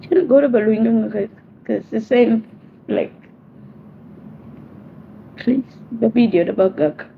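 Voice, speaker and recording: Lady begging slow n repetitive, kinda high voice, sounds like a phone call, bit of hiss. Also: vocal fry. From South Sudan. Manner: pleading, repeats herself insistently. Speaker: message sender. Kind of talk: personal spoken message. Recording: tinny phone-line audio, faint hiss.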